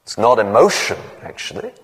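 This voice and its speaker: A man's voice: fairly low pitch, big pitch swings, fairly quick, fairly bright tone, big-room sound. A man preaching a sermon who tells stories and acts out the voices in them. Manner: storytelling, acts out voices in the anecdotes.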